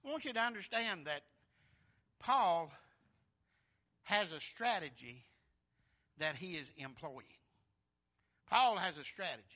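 Bright, forceful preacher man. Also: high voice, animated, unhurried, long pauses. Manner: folksy, emphatic, swings between loud and soft. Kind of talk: sermon.

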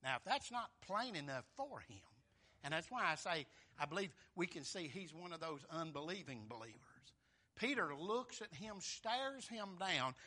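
A man preaching a sermon in a folksy, emphatic way, rising to loud, shouted peaks. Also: fairly high pitch, big pitch swings, moderate pace.

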